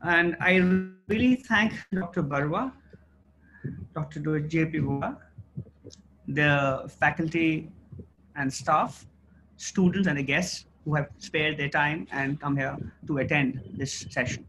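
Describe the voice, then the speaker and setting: Middle-aged male guest lecturer, bright forceful voice, rhetorical and emphatic, slightly raised pitch; faint hiss behind. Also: low-quality recording. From India. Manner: emphatic, rhetorical, pauses and restarts. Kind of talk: formal lecture.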